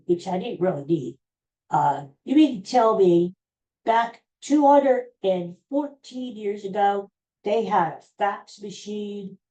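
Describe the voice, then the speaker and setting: A woman's voice: medium pitch, dark tone, poor audio. A woman hosting a podcast, chatting casually and rambling with exclamations. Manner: rambling, exclaiming, talks to herself. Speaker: podcast host. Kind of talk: casual chat.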